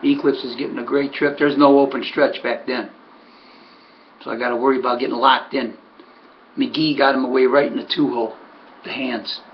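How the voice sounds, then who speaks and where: A man, a harness horse trainer, casually telling a story in an animated, emphatic way, repeating words for effect. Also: medium pitch. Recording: dull lo-fi recording.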